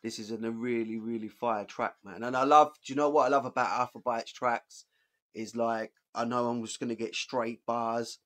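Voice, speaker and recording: Excited man reacting to rap tracks. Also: mid-range voice. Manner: excited, swears freely, pauses to point out moments in the track. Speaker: music reaction host. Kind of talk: casual reaction commentary.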